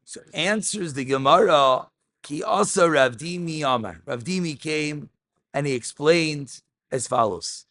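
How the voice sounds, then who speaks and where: A man teaching a Talmud class, animated, mixing English with Aramaic terms and raising his voice for emphasis. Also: a little high, unhurried, no room sound.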